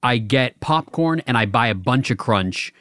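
A man's voice: medium pitch, expressive, a little slow, fairly bright tone, dry recording, clean studio sound. A young man co-hosting a podcast, casually telling a long rambling story with many stammers and restarts. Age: young adult. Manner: rambling, stammers and restarts, laughs at own stories. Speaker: podcast co-host. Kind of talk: casual chat.

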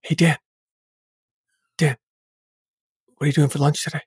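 A man's voice: a little high, flat delivery, measured pace, husky, dry recording, clean studio sound. A man performing in an improv comedy scene, talking in a casual, teasing way.

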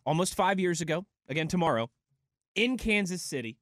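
A young man co-hosting a sports radio show in a studio, energetic and playful, stretching words for effect. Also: high-pitched, a little fast, no echo. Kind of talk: upbeat sports talk radio.

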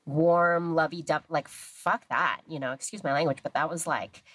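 Woman in her 30s, low voice, dry close sound, chatty and animated storytelling. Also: normal speed, breathy edge, no room sound. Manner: animated, acts out quoted voices, laughs often. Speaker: guest. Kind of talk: casual storytelling.

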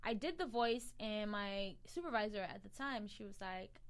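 A young woman from Cameroon with a softened Cameroonian accent, hosting a podcast and telling stories with animated energy. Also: medium pitch, normal speed, clean tone. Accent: Cameroonian, softened toward American. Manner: animated storyteller, acts out quoted people. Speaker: podcast host. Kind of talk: casual conversational podcast chat.

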